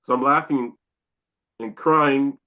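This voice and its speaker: A man's voice: mid-range voice, fairly even intonation, slow, narrow, tinny audio. A man from Canada, a podcast guest, telling a long personal story and acting out his own exclamations.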